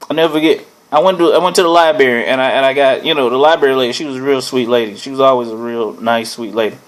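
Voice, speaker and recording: A man hosting his own show, telling a personal story in a casual, animated way, often chuckling and asking "right?". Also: medium pitch, fast talker. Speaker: host.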